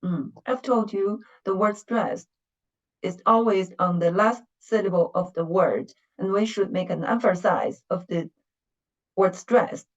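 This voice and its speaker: A woman teacher leads an online class, unhurried and careful, pausing to praise and repeat words for her students. Her voice comes through a muffled, dull call connection, mid-pitched and even. The pace is very slow and deliberate. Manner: patient, slow, encouraging, models words. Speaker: Mandarin teacher. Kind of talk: online language lesson.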